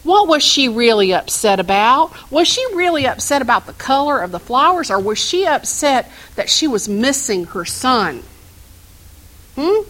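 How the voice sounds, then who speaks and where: A woman's voice: high voice, sing-song, normal speed, fairly bright tone, low-quality recording. A middle-aged woman minister preaching a sermon, telling stories and asking the congregation questions. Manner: storytelling, asks the congregation questions.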